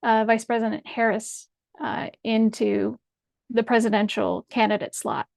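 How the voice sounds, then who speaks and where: High-voiced woman, slow, furious and foul-mouthed, commentator tearing into a politician. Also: steady tone, gravelly, a little mellow, no echo. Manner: angry, blunt and profane. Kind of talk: direct-address video rant.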